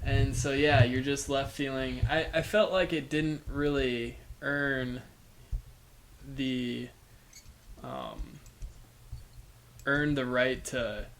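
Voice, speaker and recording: Man, podcast co-host, flat monotone delivery, hesitant, lots of fillers. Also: mid-range voice, a little hiss or hum. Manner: measured, hesitant, many fillers. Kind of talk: casual film review chat. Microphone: podcast microphone.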